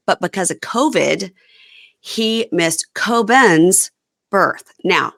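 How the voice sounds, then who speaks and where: A woman's voice: sits low, a bit bright. A woman hosting a podcast, chatting casually and rambling through a recap with frequent laughs. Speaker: podcast host.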